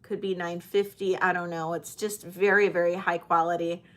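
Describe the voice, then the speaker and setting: A woman's voice: lowish voice, flat delivery, moderate pace, a bit bright. A woman selling jewelry in a live-stream auction, chatty and hesitant with many fillers. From United States.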